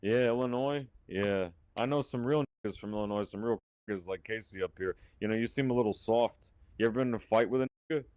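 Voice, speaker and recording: A low-pitched man from Florida runs a heated live-stream call with a drink in hand. He rambles, circles back, repeats himself and turns combative. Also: fast, hardly any pauses, a little mellow, no echo. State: drinking while talking.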